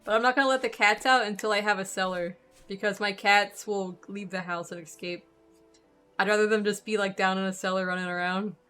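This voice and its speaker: A woman's voice: medium pitch, brisk, clear, resonant tone, faint music behind. Chatty woman streamer, losing her voice. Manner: chatty, talks to viewers while playing, excitable exclamations. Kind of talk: casual live gameplay commentary.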